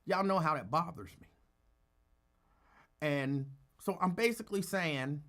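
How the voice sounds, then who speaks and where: A tired man hosting a casual live talk show, greeting listeners by name and talking in a calm, rambling way. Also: on the high side, measured pace. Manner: calm, holding back from yelling. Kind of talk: casual live-stream chat.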